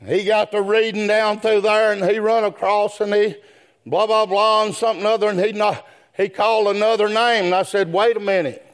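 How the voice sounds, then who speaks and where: A man preaching a sermon in a whooping, chanted style, swinging between quick low asides and drawn-out shouted phrases, with folksy speech and calls to "brethren.". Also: level tone, clear, resonant tone.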